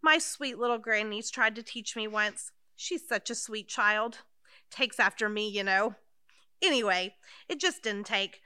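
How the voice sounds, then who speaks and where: A woman's voice: mid-range voice, measured pace, pushed and bright, clear, resonant tone, no echo, studio quality. An actress playing Mildred, a timid, fussy elderly woman in an audio drama. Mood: chatty. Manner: fussy, anxious, flustered.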